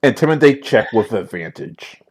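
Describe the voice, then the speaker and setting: A man's voice: medium pitch, lively intonation, moderate pace, husky. A man narrating as game master of a tabletop game, casual and laughing easily.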